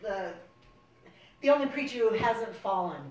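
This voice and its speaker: A woman's voice: medium pitch, animated, normal speed, darkish tone. A woman telling a rambling family story in a casual, laughing way, heard in a roomy space from a distance. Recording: roomy distant sound, faint noise.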